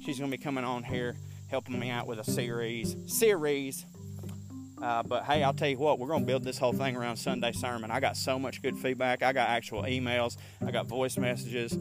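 A man, hosting a casual podcast rant while walking outdoors, animated, profane and rambling. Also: medium pitch. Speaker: podcast host.

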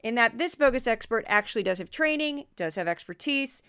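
A middle-aged woman from the American Midwest hosts a podcast in a loose, conversational way, full of dry asides and jokes at her own expense. Her voice sits a little high and sounds smooth and resonant. She keeps a wry, informal tone throughout. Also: expressive, brisk, bright, forceful tone. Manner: chatty, wry, self-deprecating asides. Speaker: podcast host. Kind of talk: casual podcast commentary.

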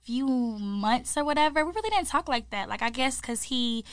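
A woman in her twenties co-hosting a podcast, telling stories in relaxed casual chat and filling her sentences with "like.". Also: high voice, moderate pace, clear, resonant tone, no echo, studio quality. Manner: chatty storyteller, leans on "like" as filler. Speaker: podcast co-host.

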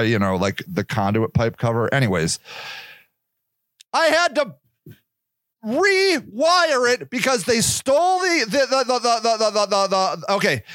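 A podcast host with a high male voice, recorded dry with no room sound. He tells his story in a loose, rambling monologue, cursing often and tripping over repeated words as he goes. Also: fairly bright tone, dry recording.

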